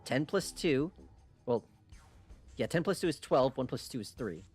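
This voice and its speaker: A man co-streaming a story game in casual chat, jokey and quick to swear, stammering when he gets excited. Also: mid-range voice, faint music behind.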